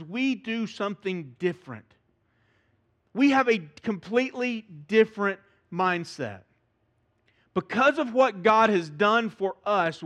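A man pastor preaching a sermon, with emphatic delivery that swings from loud to soft. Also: high-pitched.

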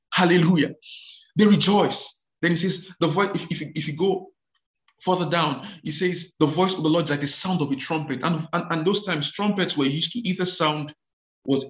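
A male preacher with a voice a little higher than most men's. He is recorded in an echoey room. He keeps repeating and restarting his phrases, breaks in with hallelujahs, and slows down to read scripture with emphasis. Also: a bit bright. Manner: repeats words, stumbles and restarts, exclaims hallelujah; reads scripture aloud slowly and with emphasis. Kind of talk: sermon.

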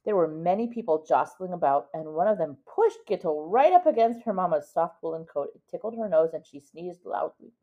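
A woman with a fairly low, animated voice reads a picture book aloud to a child, moving briskly with few pauses. She stops now and then to explain words. The lo-fi recording sounds dull.

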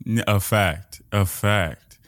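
A man's voice: lowish voice, slow, fairly bright tone. A man hosting a podcast in casual chat, hyped and playful, talking with a lot of energy. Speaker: podcast host.

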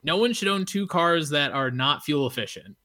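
Animated, bright-voiced man. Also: on the high side, normal speed. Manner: animated, swears freely, lots of fillers. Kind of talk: casual chat, storytelling.

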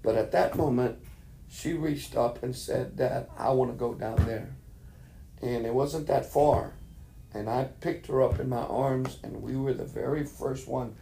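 Gravelly-voiced man preaching his testimony. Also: medium pitch, fairly even intonation, a little slow, dark tone, slight background noise. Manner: emotional storytelling, acts out the voices he heard. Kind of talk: testimony sermon. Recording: roomy echo.

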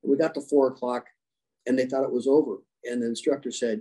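Speaking fast in a husky, mellow voice of medium pitch, a podcast guest shares stories in his interview answers. He coaches leadership and was formerly a special operations rescuer; he's animated and voices the quoted dialogue, on a low-quality recording.

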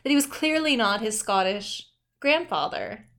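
A woman's voice: a little high, expressive, normal speed, a bit bright. A woman co-hosting a podcast, chatting casually and animatedly and laughing often. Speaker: podcast co-host. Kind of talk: casual chat.

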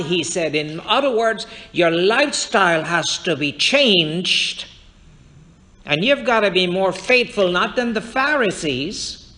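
A man delivers a fervent sermon from the pulpit of a church, speaking straight to his congregation and weaving in scripture. His voice sits high for a man, with a bright, forceful edge. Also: animated, slow pace. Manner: fervent preaching, quoting scripture and addressing the congregation directly. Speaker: pastor. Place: church sanctuary.

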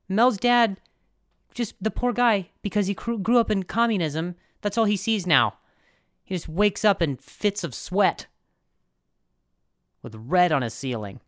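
A man's voice: on the high side, no room sound, clean studio sound. A young man hosting a comedy podcast, rambling and sarcastic with lots of restarts. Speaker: podcast host. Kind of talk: comedic monologue.

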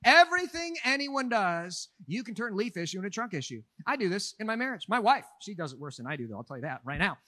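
A man from Minnesota, a pastor, preaching a sermon with animated, joking delivery that swings from quiet asides to shouts. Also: sits high, fast, few pauses, no room sound.

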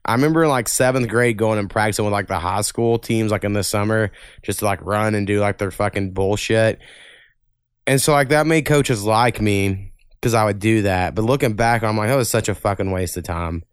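A man's voice: lowish voice, normal speed, clear, resonant tone, no room sound, clean studio sound. A man hosting a podcast, telling long, profane stories in casual chat. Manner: profane, rambling storyteller. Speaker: podcast host.

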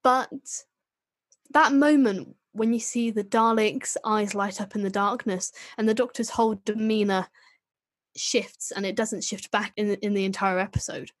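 A woman's voice: mid-range voice, dry recording. A woman co-hosting a podcast, chatting casually and enthusiastically, with a self-deprecating manner. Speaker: podcast co-host. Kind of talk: casual chat about a TV show.

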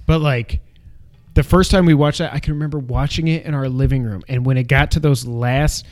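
A man's voice: mid-range voice, fairly even intonation, fairly quick, darkish tone. A man co-hosting a podcast, gushing and rambling in casual chat. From Canada. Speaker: podcast co-host.

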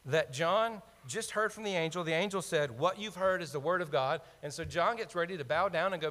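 Animated high-voiced preacher. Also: male voice, a little fast, few pauses. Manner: animated, conversational preaching with asides to the congregation. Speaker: pastor. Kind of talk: sermon. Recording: long hall reverb.

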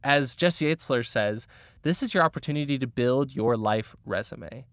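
A man's voice: medium pitch, moderate pace, a bit bright, no room sound, studio quality. Earnest man giving motivational advice. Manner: earnest, encouraging, with frequent fillers. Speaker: motivational speaker. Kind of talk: casual motivational monologue.

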